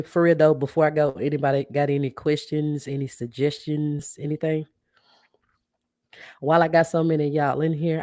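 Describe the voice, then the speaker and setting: A woman podcast host chatting casually with livestream viewers, warmly thanking them and reacting to their comments. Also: low voice, no room sound, clean studio sound. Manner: chatty, keeps addressing viewers as y'all; warm and grateful, reacts to comments.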